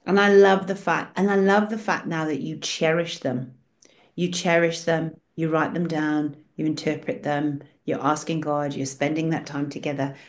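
Aussie woman guiding a prayer call, warm encouraging tone, tells stories. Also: low-pitched, little pitch movement, moderate pace. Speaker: prayer group leader. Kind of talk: guiding an online prayer session.

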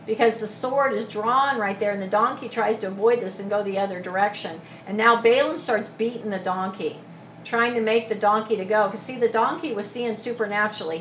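A woman preaching a sermon, retelling a scripture story in a lively, casual way with asides. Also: fairly high pitch, a little hiss or hum. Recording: echoey room from a distance.

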